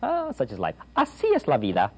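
A man teaching a language lesson, enthusiastic and coaxing, who repeats phrases slowly for the learner. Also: mid-range voice, wildly swooping pitch, a little mellow, husky, rough recording. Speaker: Spanish teacher.

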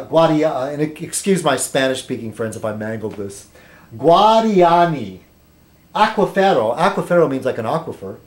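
Chatty man in an echoey room. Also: on the high side. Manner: reads aloud haltingly, stumbles on foreign words. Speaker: vlogger. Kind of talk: rambling political commentary.

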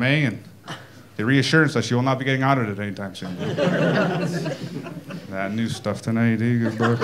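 A Canadian man doing a stand-up comedy set in a club, folksy and deadpan, tagging his lines with "eh?". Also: medium pitch, noisy background. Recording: live club set with audience laughter. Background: crowd laughter.

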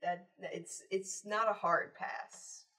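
A woman's voice: mid-range voice, fairly even intonation, takes it slowly, sharp tone. A woman taking part as a player in a tabletop role-playing game, chatty and laughing easily. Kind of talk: casual tabletop play chat. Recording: distant breathy mic.

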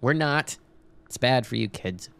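A man's voice: mid-range voice, animated, measured pace, creaky, fairly bright tone, clear, resonant tone. A man casually commenting while playing a horror game, rambling, reading game text aloud and swearing when startled. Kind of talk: casual let's-play commentary.

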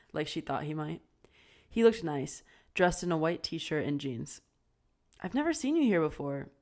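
Casting note: woman narrator, low voice, steady amateur audiobook reading. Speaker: audiobook reader.

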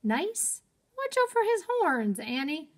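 A woman's voice: on the high side, sing-song, a little slow, slightly rough, exaggerated voice. A woman voicing a cautious, serious young boy in a read-aloud storybook. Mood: alarmed. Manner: worried, hushing.

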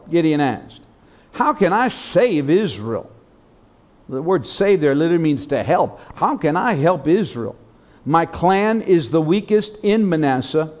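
A man preaching from the pulpit, his voice sitting a little high for a man. He reads scripture with dramatic stresses and pauses, then calls on the congregation to say words back to him. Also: a little mellow. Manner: dramatic reading, leads the congregation in call-and-response. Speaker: pastor. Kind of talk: sermon with scripture reading. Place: church sanctuary.

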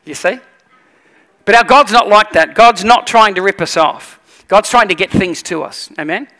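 High, bright-voiced pastor preaching. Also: male voice, normal speed, big-room sound. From Australia. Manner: animated storytelling, acts out voices. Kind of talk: sermon.

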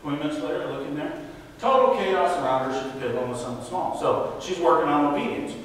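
Animated male speaker in an echoey hall. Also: on the high side, fast talker, far from the mic, a little hiss or hum. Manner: animated storytelling with acted quotes. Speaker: parenting speaker. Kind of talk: faith-based parenting talk.

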